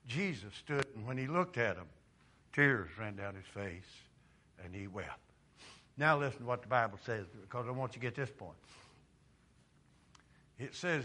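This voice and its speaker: A man preaching a sermon dramatically, dropping quiet and then rising to loud, impassioned cries. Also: medium pitch, fairly quick. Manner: dramatic, swings from quiet to shouting.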